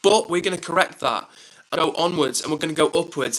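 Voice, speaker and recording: A man's voice: fairly high pitch, fast talker, fairly bright tone, low-quality recording. A young man hosting his own live stream, chatting casually and reading out viewer comments in an upbeat, self-deprecating way.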